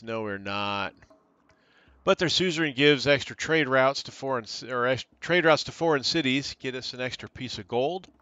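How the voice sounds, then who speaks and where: A gaming channel host gives casual let's-play commentary on a strategy game, thinking aloud and reading on-screen options. His mid-range voice is bright, forceful and smooth, with no room sound and dull audio.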